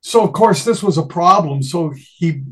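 An older man, a guest musician, telling stories from the road in a casual, animated way and acting out voices. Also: on the high side, normal speed. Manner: animated, laughing, acts out voices in quotes. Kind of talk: casual storytelling.

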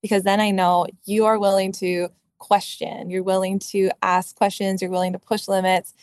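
A woman's voice: mid-range voice, level tone, normal speed, darkish tone, no room sound. A woman in her thirties hosts a casual podcast, agreeable and enthusiastic as she shares her own stories. The recording is dry and close, with no room sound around her voice. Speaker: podcast host. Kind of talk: casual conversational interview.

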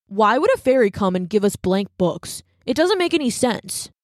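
A woman's voice: medium pitch, sing-song, normal speed, no room sound, studio quality, close to an everyday voice. Little mischief-maker boy for a storybook, eager and raised, voiced by a woman. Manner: eager, childlike questions. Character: young boy, curious and mischievous.

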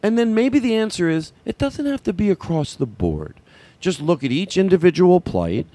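A man's voice: high-pitched, big pitch swings, moderate pace, dark tone, dry recording. A man, a comedian, chatting casually on a podcast, telling stories animatedly with lots of fillers and restarts.

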